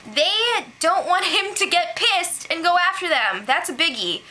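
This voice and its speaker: Woman, high voice, casual recap host, sarcastic, giggly, chatty. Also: expressive, sharp tone. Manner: sarcastic, giggly, quick asides. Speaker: host recapping a reality show.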